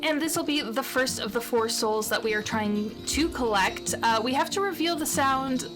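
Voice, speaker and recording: A woman casually plays through a game, reading its story and chatting in a playful, giggly way. Her voice sits a bit high. Soft chill music plays throughout. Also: moderate pace. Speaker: let's play gamer. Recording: chill music playing behind.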